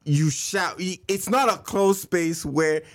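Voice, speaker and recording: A man's voice: on the high side, slow pace. A Nigerian man in a casual chat, protesting a friend's claim and explaining patiently. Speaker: guest.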